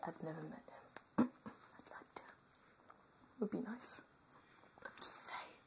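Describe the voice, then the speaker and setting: A woman reading a nursing workbook aloud as comedy, with theatrical asides that swing between whispers and loud outbursts. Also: lowish voice, slow, creaky, poor audio.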